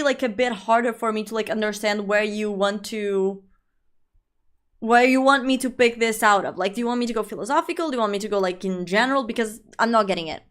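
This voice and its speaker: A young woman chats casually with her stream viewers, rambling and restarting her sentences. Her voice sits a little high, and her talk is loose and full of fillers. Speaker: livestreamer.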